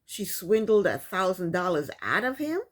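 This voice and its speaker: A woman's voice: on the low side, big pitch swings, moderate pace. A woman casually recapping a reality show, chatty and sassy, often breaking into laughs.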